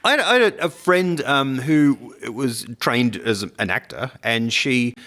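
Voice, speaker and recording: A man co-hosting a podcast in casual chat, animated and playful, often mimicking accents and laughing. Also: medium pitch, measured pace. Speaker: podcast co-host.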